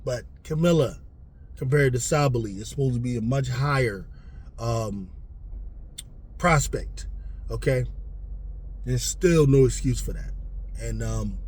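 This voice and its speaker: A man hosting a casual sports talk show, ranting in an animated, profane, rambling way with lots of fillers. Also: medium pitch, a little slow, pauses often, husky. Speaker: sports commentator host.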